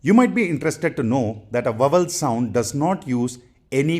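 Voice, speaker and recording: A man teaching English pronunciation, saying each practice word twice in a deliberate, instructional way. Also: mid-range voice, expressive, darkish tone. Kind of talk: slow instructional drilling.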